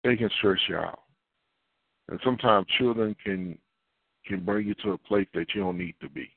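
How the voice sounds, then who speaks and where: A man's voice: lowish voice, normal speed, creaky, no room sound. Man pastor, casual sermon, acts out voices, dry tinny phone sound. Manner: animated, acts out dialogue, repeats himself. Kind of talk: preaching sermon.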